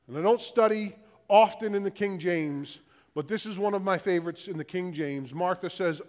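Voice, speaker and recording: Male pastor, middle-aged, raised voice, slow stacked rhetorical questions, long hall reverb. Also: sits high. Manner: questions repeated in a slow, building list. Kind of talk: sermon.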